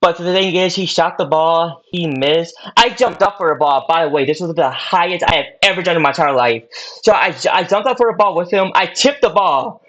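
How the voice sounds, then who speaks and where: A man's voice: on the high side, a little fast, a bit bright. A young man telling a long personal story on a podcast in a casual, rambling way, full of fillers and repeats. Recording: dull lo-fi audio.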